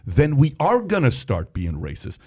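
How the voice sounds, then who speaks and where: A man from Iran hosting a podcast, telling an animated story and acting out its dialogue. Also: medium pitch, moderate pace, slightly rough. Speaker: podcast host. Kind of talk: podcast discussion.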